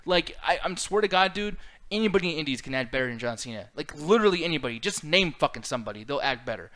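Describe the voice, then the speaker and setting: Bright, tense man ranting on a podcast. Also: a little high, expressive, quick pace. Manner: opinionated, profane ranting. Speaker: podcast co-host. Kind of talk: casual chat.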